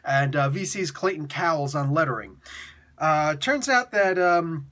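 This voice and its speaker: A man casually reviewing a comic book, chatty and animated, slipping into quick character voices. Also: fairly high pitch. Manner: chatty, with many fillers and restarts.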